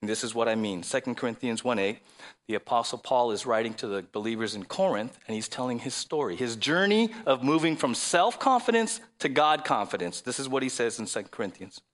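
A man's voice: medium pitch, lively intonation, a little fast, fairly bright tone. A man preaching a sermon, asking rhetorical questions and reading scripture aloud. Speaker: pastor.

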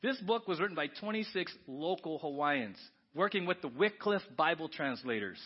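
A male pastor preaching a sermon, animated, swinging between soft asides and loud exclamations. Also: fairly high pitch, moderate pace, husky, muffled recording.

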